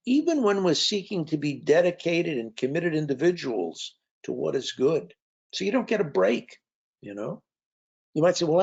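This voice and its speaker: A man's voice: a little high, gravelly, darkish tone, slightly rough. A man and author giving a conversational talk, telling anecdotes with frequent fillers. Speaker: author and speaker. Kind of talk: storytelling talk. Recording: dull lo-fi recording.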